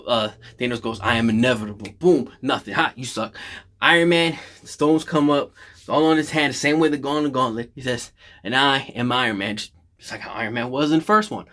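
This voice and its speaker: A man in casual, excited conversation recaps a film scene by scene, his voice bright and forceful. He swears freely and slips into the characters' lines as he retells the action. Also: medium pitch, fairly quick. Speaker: movie reaction host.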